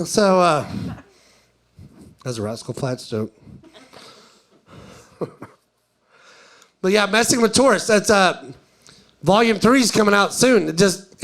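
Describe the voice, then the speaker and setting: A middle-aged man from East Tennessee with a Southern accent, doing a stand-up comedy set and acting out tourists in a higher voice. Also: gravelly, fairly bright tone. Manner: storytelling, acts out tourists in a higher voice.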